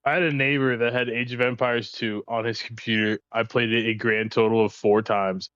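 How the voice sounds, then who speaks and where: A man co-hosting a casual podcast chat, telling relaxed stories. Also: medium pitch, normal speed, clear, resonant tone, dry recording, muffled recording. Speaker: podcast co-host.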